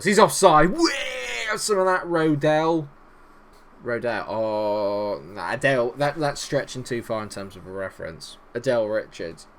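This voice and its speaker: Brief: male gaming YouTuber, animated and jokey, talks to players on screen, very expressive pitch. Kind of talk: let's-play commentary.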